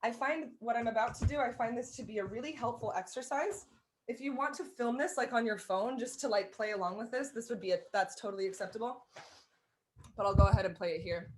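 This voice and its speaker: This is a casual online music lesson: a woman teaches fiddle by video call, talking chattily and often starting over or rewording things. She speaks quickly in a higher voice, and there's a slight hiss or hum in the audio.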